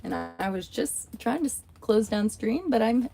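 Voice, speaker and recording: A woman's voice: mid-range voice, expressive, moderate pace, creaky, hardly any pauses, mellow, breathy edge. A woman hosting a casual livestream from home, telling a rambling story full of asides. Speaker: livestream host.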